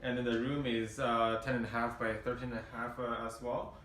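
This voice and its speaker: A real estate agent with a measured, factual delivery, presenting a condo unit indoors. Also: male voice, mid-range voice, level tone, a bit bright, recorded from a distance, a little hiss or hum. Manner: measured, factual, hesitant fillers. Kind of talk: informative property presentation. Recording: roomy sound from off-mic.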